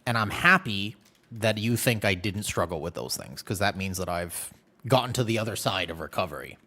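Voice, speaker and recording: A man livestreaming a game, chatting candidly and telling animated stories with playful exaggeration. He is from the United States. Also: on the low side, normal speed. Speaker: game streamer. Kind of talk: casual livestream chat while gaming.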